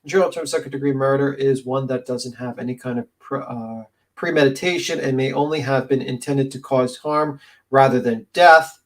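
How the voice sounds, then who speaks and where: A man with a stuffed-up, sniffly nose hosting a casual panel discussion, reading definitions aloud with halting restarts. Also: mid-range voice, steady tone, poor audio. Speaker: panel host.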